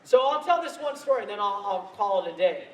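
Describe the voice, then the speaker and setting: Recorded from a distance in an echoey hall, a man with a high voice speaks animatedly and briskly on stage at a convention. Holding a handheld mic, he shares self-deprecating stories, laughing as he goes.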